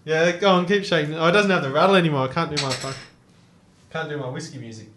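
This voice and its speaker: Excitable swearing young man in an echoey room. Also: fairly high pitch, fast, a little hiss or hum. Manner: excitable, swears a lot, laughs often. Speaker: podcast host. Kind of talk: casual podcast chat. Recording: roomy echo.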